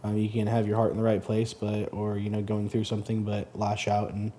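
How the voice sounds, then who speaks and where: A man hosting a story channel who reads posts aloud, then comments in a halting, earnest way, often stumbling and repeating words. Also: lowish voice, completely flat delivery, a little hiss or hum. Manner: sympathetic, soft-spoken commentary. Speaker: Reddit story reader and host.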